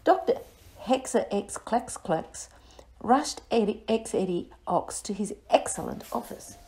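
A woman reading a children's story aloud for a reading lesson, clear and expressive, sounding words out carefully. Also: a little high, measured pace. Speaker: reading teacher.

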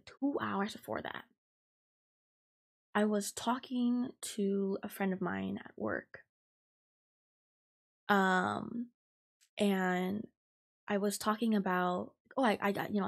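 A woman in her twenties hosting a podcast, venting heatedly and profanely about a coworker, talking fast with lots of fillers. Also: medium pitch, fairly even intonation, creaky. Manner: fast and emphatic. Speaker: podcast host. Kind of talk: ranting storytime podcast.

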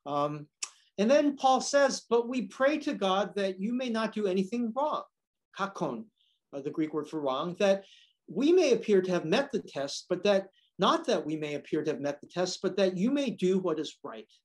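Male priest teaching a scripture lesson, animated intonation, conversational and explanatory. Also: high voice, normal speed. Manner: explanatory, many fillers and "right?" asides. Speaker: priest teaching a Bible class. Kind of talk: lecture with scripture reading.

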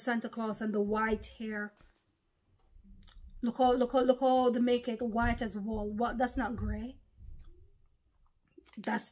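A woman's voice: fairly high pitch, a little mellow. A woman, preaching an informal online sermon in an impassioned, repetitive, emphatic way. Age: 40s.

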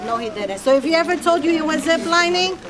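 A woman, an aunt, telling a funny family story in a casual, animated way with laughter and quick asides. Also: extremely high pitch, a loud crowd, heavy background noise. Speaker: aunt of the deceased.

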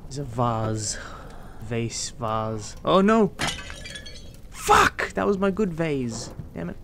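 A man giving casual let's-play commentary, swearing a lot, excitable, and talking to himself as he plays. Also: mid-range voice, slow pace, vocal fry, background noise. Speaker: gameplay streamer.

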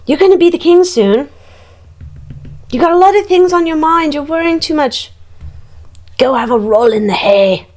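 A woman's voice: sits high, expressive, normal speed, hardly any pauses, a little mellow, voice pushed up. Woman doing a doting older lady, put-on accent. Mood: coaxing. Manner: put-on unplaced accent, doting terms like darling. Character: older woman coaxing a young prince, indulgent. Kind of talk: playful role-play in a tarot reading.

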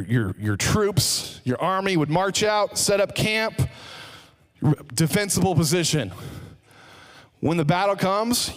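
During a live service in a church sanctuary, a male pastor with a fairly high voice preaches energetically. He repeats key phrases for emphasis and tosses joking asides to the congregation.

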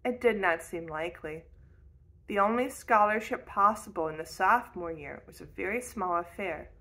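A woman reading a classic novel aloud in a steady, expressive storytelling manner. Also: on the low side, moderate pace, low-quality recording. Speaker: audiobook reader.

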